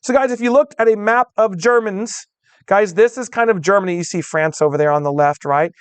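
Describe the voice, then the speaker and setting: A man's voice: high voice, fairly quick, clean tone, dry recording. Upbeat male history teacher, dry close mic. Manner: conversational, addresses students as guys, checks in with all right; acts out voices of historical groups in quotes. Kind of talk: recorded classroom lecture.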